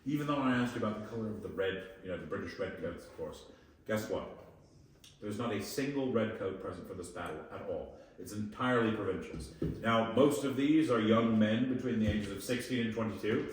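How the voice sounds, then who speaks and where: A man leading a guided tour at a historic fort, lively and joking, often quizzing his group. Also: lowish voice, a little fast. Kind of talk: guided tour talk to visitors. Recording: echoey space, voice from a distance, faint noise.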